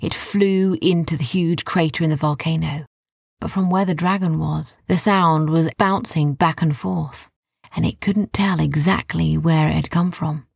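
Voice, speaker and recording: Storyteller, woman, low and gravelly; soft hushed reading, dry close mic. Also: fairly even intonation, unhurried, no room sound. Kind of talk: bedtime story narration.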